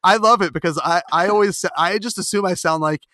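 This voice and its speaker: Chatty Philadelphia man hosting, bright dry sound. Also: sits high, fast, no room sound. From Philadelphia area. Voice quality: nasal O vowel. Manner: rambling, many fillers and restarts, laughs while telling stories. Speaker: podcast host. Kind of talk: casual interview chat.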